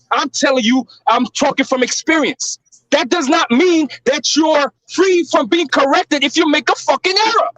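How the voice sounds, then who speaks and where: A man's voice: very high-pitched, normal speed, fairly bright tone, no echo, poor audio. A man on a discussion panel, ranting heatedly and with a lot of profanity.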